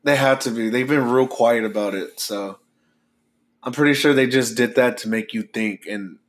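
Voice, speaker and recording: A man's voice: mid-range voice, moderate pace. Casual-talking man co-hosting a podcast. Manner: relaxed, swears freely, lots of "like" fillers. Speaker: podcast co-host. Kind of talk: casual chat.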